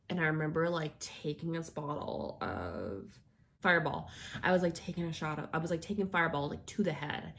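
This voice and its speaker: A young woman tells a personal story, rambling loosely and leaning on filler words at every turn. Her voice sits low and carries a gravelly fry. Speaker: vlogger.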